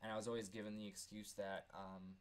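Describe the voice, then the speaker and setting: A man in his thirties speaks straight to the camera in a personal vlog, his voice sitting a little low. He is candid and earnest, and often repeats a word as he searches for the next thought. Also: flat delivery, a little fast. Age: 30s. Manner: earnest, candid, stumbling over repeated words. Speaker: vlogger.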